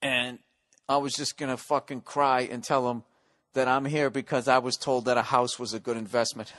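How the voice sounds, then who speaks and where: A middle-aged American man hosting a podcast, delivering a profane, rambling comic monologue with swings between loud rants and muttered asides. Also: medium pitch, little pitch movement, normal speed. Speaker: podcast host.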